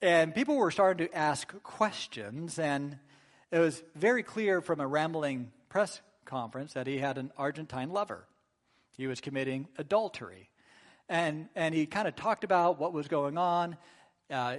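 A man's voice: on the high side, moderate pace. A man preaching a sermon in a conversational way, often checking in with "right?" and acting out sample apologies. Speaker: pastor.

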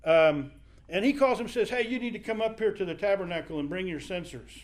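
A man's voice: high-pitched, animated, fast. A man teaching a Bible passage in a conversational sermon, acting out the quoted speakers as he goes.

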